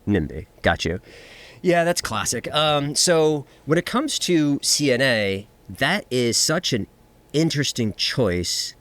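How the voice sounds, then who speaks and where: A man's voice: mid-range voice, very animated, takes it slowly, a bit bright, dry recording. A man hosting a casual interview, mostly chiming in with brief affirmations and short questions. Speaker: podcast host.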